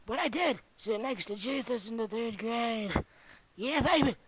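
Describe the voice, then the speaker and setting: A young man voicing a boastful, rambling ancient old man who tells a crude, excitable tall tale in an amateur comedy bit. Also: very high-pitched, measured pace, breathy edge, no echo, full character voice, rough recording.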